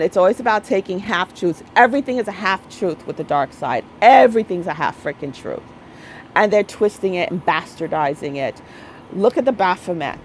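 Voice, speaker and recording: A woman's voice: mid-range voice, rough recording. Blunt woman in her 30s, casual vlog rant, keeps repeating herself, faint hiss behind her. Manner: blunt, emphatic, repeats herself, often adds "okay?". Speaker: spiritual vlogger. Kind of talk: casual monologue.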